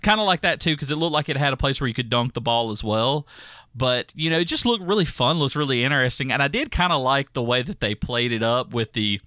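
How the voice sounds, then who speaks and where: A man's voice: mid-range voice, fast, dry recording, clean studio sound. A man with a thick Southern accent, co-hosting a casual gaming podcast in a chatty, rambling way. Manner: chatty, rambling, animated when ranting. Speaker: podcast co-host. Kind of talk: casual chat.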